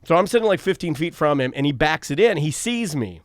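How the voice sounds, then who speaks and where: A man co-hosting a casual chat show, telling a story with animated energy and bursts of shouting. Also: a little high, fairly quick, no room sound, clean studio sound. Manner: animated storytelling, shouts when reliving anger. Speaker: co-host. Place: studio.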